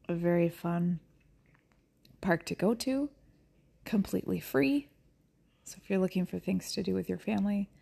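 A middle-aged woman podcaster chats at home in a loose, rambling way. Her voice carries heavy vocal fry and a mellow, husky tone. She laughs easily and drifts into soft whispers. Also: medium pitch. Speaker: podcast host. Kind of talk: casual chat.

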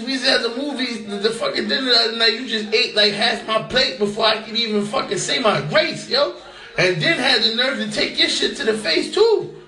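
Profane, animated man with a high voice. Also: echoey room. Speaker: podcast host. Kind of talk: casual solo podcast monologue.

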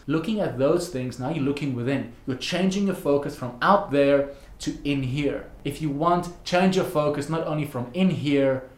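A man's voice: fairly high pitch, normal speed, reverberant. A man coaching listeners in a motivational monologue, stressing his points with strings of rhetorical questions. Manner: emphatic, repetitive rhetorical questions. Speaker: self-help coach.

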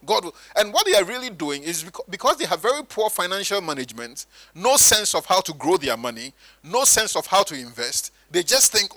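A man preaching a sermon, animated and sometimes mimicking churchgoers in higher voices. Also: normal speed, no room sound, low-quality recording.

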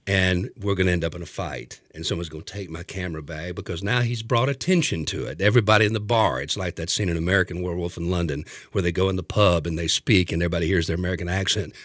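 Man, very low voice, animated storyteller, dry close sound. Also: fast, few pauses, dry recording. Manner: animated, acts out voices, laughs a lot. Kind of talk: comic storytelling.

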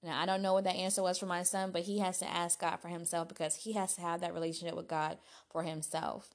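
A woman's voice: lowish voice, little pitch movement, fast talker. A woman hosting her own solo podcast, talking in a chatty, self-deprecating way with restarts. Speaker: podcast host. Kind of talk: casual solo podcast talk.

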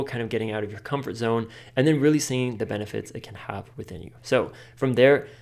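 A man hosting a podcast, giving casual advice in a chatty way, full of "like" and quick laughs. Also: lowish voice, gravelly, a little mellow. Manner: chatty, filler-heavy with frequent "like", laughs often. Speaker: podcast host.

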